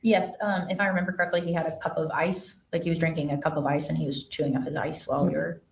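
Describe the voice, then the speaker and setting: A woman's voice: sits low, level tone, quick pace, gravelly. Woman testifying in an echoey courtroom. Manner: careful, matter-of-fact, with some hesitant fillers. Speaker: investigator testifying as witness. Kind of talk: courtroom testimony, reading texts aloud. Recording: echoey courtroom sound from far off the mic.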